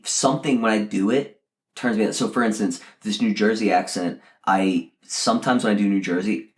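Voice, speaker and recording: A man from Texas, an actor co-hosting a podcast, who chats casually and stammers, repeating words. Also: on the low side. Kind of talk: casual chat.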